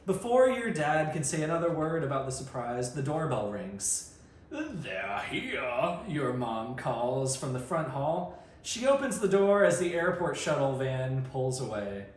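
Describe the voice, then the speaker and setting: A man reading a storybook aloud at a mic and chatting in an animated, jokey way, laughing often. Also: medium pitch, normal speed. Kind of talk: casual reading and chat. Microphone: studio mic. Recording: roomy room with faint noise.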